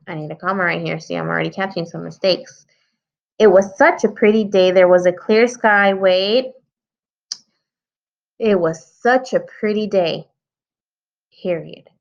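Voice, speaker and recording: A woman's voice: on the low side, gravelly. A woman teacher giving a writing lesson to young children, patiently thinking aloud as she edits her story. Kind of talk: early-grade writing lesson. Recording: slightly dull lo-fi sound.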